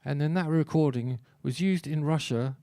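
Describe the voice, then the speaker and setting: A man's voice: a little high, normal speed, mellow, no room sound. A man, a singer-songwriter, telling wry, self-deprecating stories between songs at a small live show.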